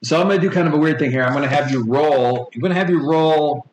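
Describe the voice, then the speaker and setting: A man in his forties running a tabletop game for his kids, rambling and playful, slipping into quick character voices. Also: a little high. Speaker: game master. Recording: echoey home room with faint noise.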